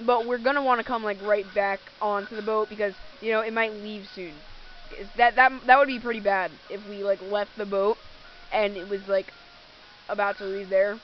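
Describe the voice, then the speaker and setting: A woman's voice: medium pitch, steady tone, normal speed, faint music behind. A woman hosting a let's play, giving casual, rambling gameplay commentary and often correcting herself. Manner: rambling, self-correcting, giggly. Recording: dull lo-fi recording.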